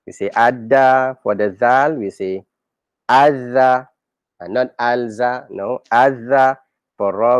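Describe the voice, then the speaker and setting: This is a man at a middle pitch, teaching a reading lesson step by step. He repeats each sound patiently and checks his learners with quick questions. The recording is dry, with no room echo. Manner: patient, repeats each example several times and quizzes learners.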